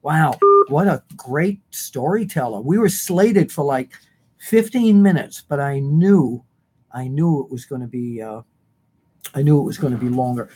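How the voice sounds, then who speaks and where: A man's voice: mid-range voice, unhurried, mellow, breathy edge. Effusive male show host. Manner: effusive and chatty. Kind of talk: casual chat.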